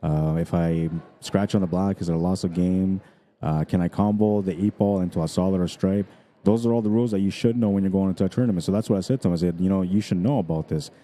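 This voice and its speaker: A man's voice: low voice, steady tone, fast talker, mellow. A man commentating a pool stream in a chatty, rambling way, his throat dried out from days of talking. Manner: rambling, chatty, many fillers. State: dry throat. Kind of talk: casual live commentary.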